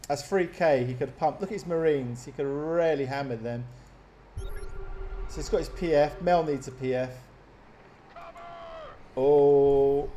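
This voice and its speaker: Chatty guy casting a strategy game live, higher voice, gets really excited, laughs a lot. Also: takes it slowly, long pauses, a little hiss or hum. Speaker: game caster.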